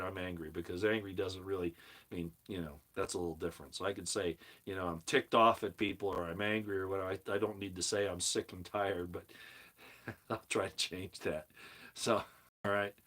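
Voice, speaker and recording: A man's voice: low-pitched, steady tone, a little fast, a bit bright. A middle-aged man hosting his own channel, delivering a heated, preachy monologue that leans on emphatic repetition. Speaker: commentary channel host. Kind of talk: opinionated monologue.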